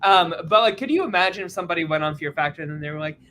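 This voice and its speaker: Bright, candid podcast co-host voice. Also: mid-range voice, animated, racing, slight background noise. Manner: candid, rambling, mildly exasperated. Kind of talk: casual chat.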